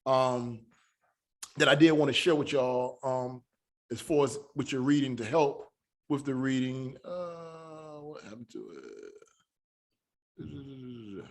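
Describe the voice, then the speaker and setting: A man teaching an online Hebrew class. He talks haltingly, with many fillers, and spells sounds out slowly. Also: medium pitch, little pitch movement.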